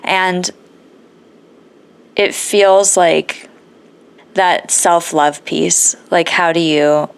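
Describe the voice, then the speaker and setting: A woman's voice: fairly low pitch, steady tone, drawn-out words, vocal fry, pauses often, clear, resonant tone. A woman hosting an interview, affirming her guest and searching for her words as she reflects. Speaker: podcast host. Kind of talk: empathetic interview conversation.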